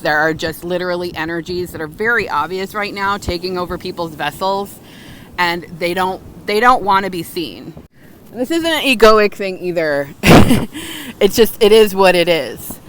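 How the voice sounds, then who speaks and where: A woman's voice: lowish voice, fairly bright tone, a little hiss or hum, rough recording. A middle-aged woman telling a story in a loose, chatty vlog, full of filler words and restarts, recorded outdoors by the water on a phone. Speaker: vlogger. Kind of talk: casual storytelling monologue.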